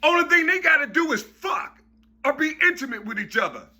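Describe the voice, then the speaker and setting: A man's voice: very high voice, very animated, a little fast, sharp tone. A man in a rambling spoken monologue who keeps saying "you see", swears a lot and often raises his voice for emphasis. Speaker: vlogger.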